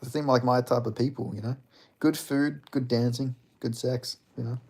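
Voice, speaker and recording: A man's voice: mid-range voice, steady tone, normal speed, darkish tone, husky. A young man chatting casually on a livestream, rambling and reading out comments, with lots of fillers and swearing. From Australia. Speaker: streamer.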